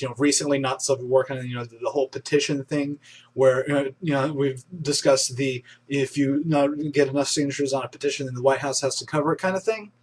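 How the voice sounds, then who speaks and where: A young man hosting a casual online news roundup, chatty and enthusiastic, with frequent restarts and fillers. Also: mid-range voice. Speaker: host of an online news show.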